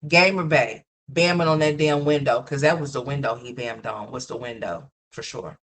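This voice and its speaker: A woman's voice: very deep voice, moderate pace, a bit bright. A woman doing casual live commentary as a streamer, blunt and profane, scolding the person she is reacting to. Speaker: livestream commentator. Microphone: streaming mic.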